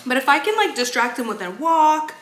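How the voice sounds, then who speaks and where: A woman's voice: high-pitched, very animated, a little fast, a bit bright, roomy sound. A young woman chatting casually in a vlog, talking while she eats at home. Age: young adult. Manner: chatty, talks while eating. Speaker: vlogger.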